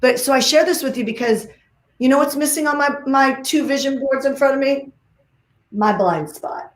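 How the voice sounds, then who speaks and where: A woman giving an energetic talk on a video call, emphatic and full of repeated phrases and "like"s. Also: high voice, brisk, roomy sound. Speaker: guest speaker.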